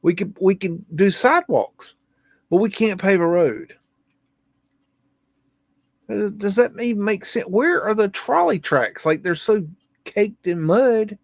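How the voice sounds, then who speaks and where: A man hosts a live stream in a gravelly, slightly high voice. He muses aloud in a folksy, casual way. The sound is close and dry. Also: expressive, unhurried, pauses often, dry recording. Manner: folksy, drawling, musing aloud. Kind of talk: casual commentary on old photos.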